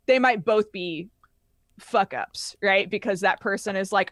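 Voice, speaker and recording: Animated woman co-host, dry close sound. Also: mid-range voice, normal speed, dry recording. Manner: animated, laughing storyteller who swears casually. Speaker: podcast co-host. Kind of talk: casual chat about games.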